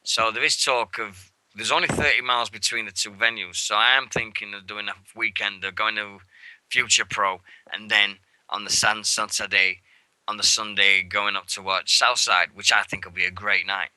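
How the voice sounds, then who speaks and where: Chatty radio guy rambling about wrestling shows, swears a lot, bright punchy tone, bone-dry studio. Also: lowish voice, normal speed, no room sound, rough recording. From England. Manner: rambling and excitable, swears freely, acts out moments. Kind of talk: casual show recap chat.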